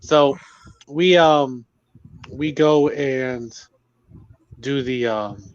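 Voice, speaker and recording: A man telling friends a story at an easy pace, quoting people and pausing on small fillers. His voice sits mid-range. The sound is dry and slightly muffled. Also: mid-range voice, clear, resonant tone, no room sound. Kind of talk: casual chat.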